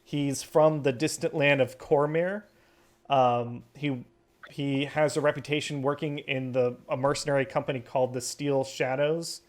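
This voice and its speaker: A man running a tabletop game as game master, narrating with many pauses and ums. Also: mid-range voice, fairly even intonation. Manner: hesitant, many ums and uhs.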